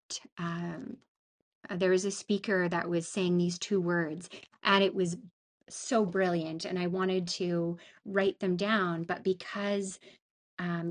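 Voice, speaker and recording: A middle-aged woman talking as an interview guest, halting and restarting often as she searches for words. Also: fairly low pitch. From northern Canada. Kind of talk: casual conversation.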